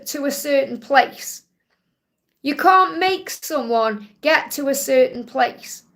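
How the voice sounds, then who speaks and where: Woman, Stoke-on-Trent accent, high voice, gravelly edge, soothing live-stream spiritual reader. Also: fairly bright tone. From England. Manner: soothing, reassuring, often adds "okay?".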